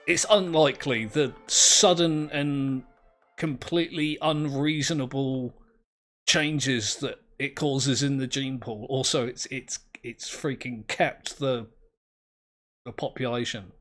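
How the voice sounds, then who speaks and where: A man's voice: mid-range voice, fairly even intonation, measured pace, fairly bright tone, faint music behind. A man, commentating his own game play in a rambling, self-mocking, easily amused way. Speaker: gameplay commentator.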